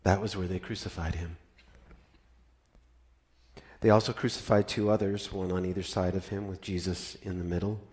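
A man narrating a dramatic scripture reading with expressive, varied emphasis. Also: low-pitched, normal speed, long pauses. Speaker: scripture reader.

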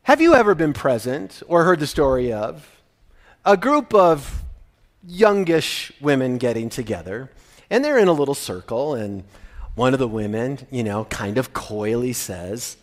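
A man from Minnesota preaching a sermon, animated and shifting between loud emphasis and quiet asides. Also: mid-range voice, a little slow. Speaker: pastor.

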